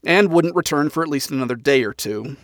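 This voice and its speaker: A man reading a story aloud as narrator, in an even, dryly expressive manner. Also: a little high, fairly quick, no room sound, studio quality.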